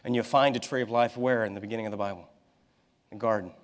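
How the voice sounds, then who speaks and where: A man in his thirties preaching a sermon, telling a family story in a lively way and acting out the people in it. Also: fairly low pitch, quick pace. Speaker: pastor. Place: church sanctuary. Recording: long hall reverb in a church.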